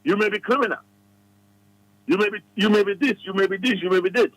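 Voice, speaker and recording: A man's voice: high-pitched, quick pace, dry recording, low-quality recording. A Ghanaian man giving advice as a radio studio guest, talking emphatically and repeating his phrases like a preacher.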